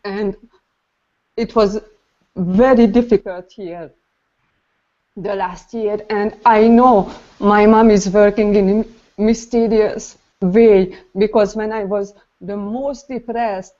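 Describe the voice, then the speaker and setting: A woman shares something personal in a group call, speaking slowly and haltingly, full of pauses and emotion. Her voice sits at a medium pitch, and the recording sounds dull and lo-fi. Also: warm tone.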